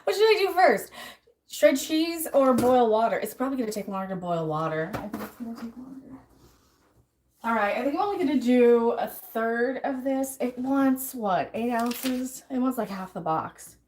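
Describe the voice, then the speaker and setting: A woman's voice: a little high, expressive, moderate pace, darkish tone, a little hiss or hum. Chatty woman streaming while she cooks. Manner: chatty, talks to herself and answers chat while cooking. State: out of breath at times. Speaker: livestream host. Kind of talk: casual cooking livestream chat.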